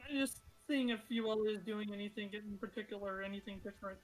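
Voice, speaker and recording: A woman running a tabletop game as game master, narrating in a relaxed, chatty way and joking with her players. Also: medium pitch, quick pace, faint music behind, poor audio.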